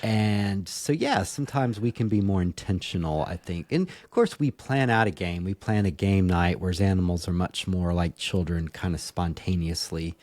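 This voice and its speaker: A man's voice: sits low, normal speed, hardly any pauses, a little mellow, no room sound. A man co-hosting a podcast, chatting casually and playfully with jokes and restarts. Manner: playful, jokey, trails off and restarts. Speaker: podcast co-host. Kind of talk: casual chat.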